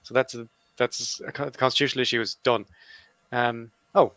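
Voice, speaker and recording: Sardonic bright-voiced man, dry sound. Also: mid-range voice, fairly even intonation, fairly quick, dry recording. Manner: sardonic, wry teasing. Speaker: panel guest, podcaster. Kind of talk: panel debate.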